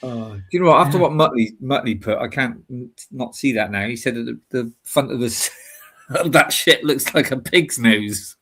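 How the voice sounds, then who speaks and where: A man's voice: mid-range voice, lively intonation, moderate pace, a bit bright, husky. A middle-aged man co-hosting a casual online stream, chatty and reminiscing, laughing easily. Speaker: co-host. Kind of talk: casual live-stream chat.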